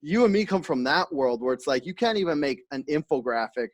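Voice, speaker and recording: A man in his thirties, a guest on a casual podcast, telling stories in a relaxed way with many "like"s. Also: fairly high pitch, brisk, no room sound. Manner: laid-back storyteller, trails off with "like". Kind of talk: casual chat.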